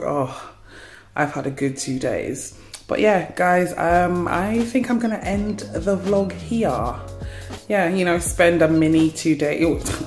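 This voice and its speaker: A woman chatting casually to camera in a home vlog, relaxed and a little apologetic. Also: low-pitched. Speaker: vlogger. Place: at home, indoors.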